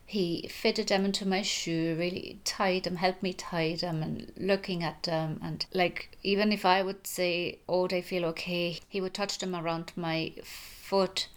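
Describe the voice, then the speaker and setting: A woman in her thirties hosts a bedtime story hour, her voice sitting a little low. She talks gently and conversationally, as if chatting with a friend by the fire. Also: fairly even intonation, unhurried, few pauses. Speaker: host and storyteller.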